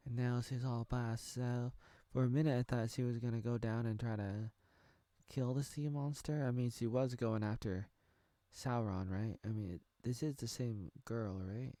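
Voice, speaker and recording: A man's voice: medium pitch, fairly even intonation, moderate pace, warm tone, no room sound, clean studio sound. Rambling jokey man in his thirties. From United States. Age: 30s. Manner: rambling, jokey, thinking aloud. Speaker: reaction video creator. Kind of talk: casual reaction commentary.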